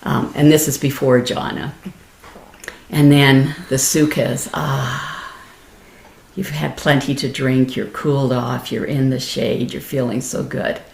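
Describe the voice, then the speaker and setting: A woman meditation teacher giving a gentle, explanatory dharma talk, laughing easily and restarting her phrases. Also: extremely low pitch, flat delivery, measured pace, vocal fry. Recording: roomy echo.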